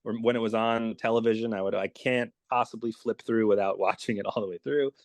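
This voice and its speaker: A man's voice: lowish voice, steady tone, fairly quick, no room sound. A man talking as a dialect coach guest in a casual interview, explaining with enthusiasm.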